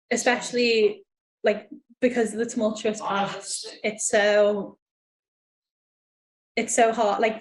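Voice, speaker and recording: A woman's voice: mid-range voice, reverberant, low-quality recording. A woman in a casual interview, speaking earnestly and reflectively.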